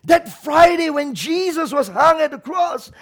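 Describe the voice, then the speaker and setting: A man preaching a sermon, swinging from loud, shouted lines to quiet, low passages and acting out laments with emotion. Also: expressive, a little slow. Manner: acts out quoted prayers and laments with emotion. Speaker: pastor.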